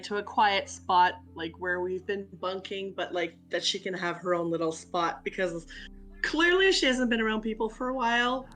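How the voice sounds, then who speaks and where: A woman's voice: medium pitch, fairly bright tone, rough recording. A woman in a tabletop role-playing game, chatting casually and laughing between her moves. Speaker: player. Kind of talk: tabletop role-play chat.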